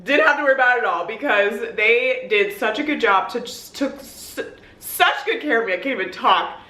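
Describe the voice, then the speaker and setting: A young woman vlogger telling an excited story in casual chat, peppering her talk with "like". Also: on the high side, brisk, reverberant. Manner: gushing, excitable, heavy on "like". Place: hotel room.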